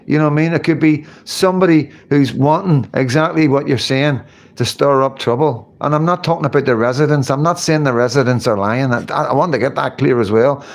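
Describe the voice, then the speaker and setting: A middle-aged man with a Northern Irish accent, hosting a casual livestream chat, rambling, swearing and asking "you know what I mean". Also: medium pitch. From Northern Ireland. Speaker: livestream host.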